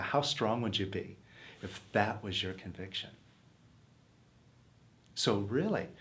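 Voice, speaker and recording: A man teaching self-help in an earnest, coaxing motivational talk, posing questions to his listeners. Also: fairly low pitch.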